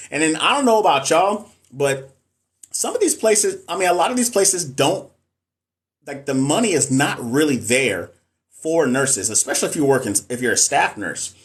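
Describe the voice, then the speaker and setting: A man's voice: fairly high pitch, big pitch swings, moderate pace. Frank, emphatic man on a live stream. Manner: frank, emphatic, talks straight to viewers. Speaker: nurse and NCLEX coach. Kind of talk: casual live-stream chat, answering viewer comments.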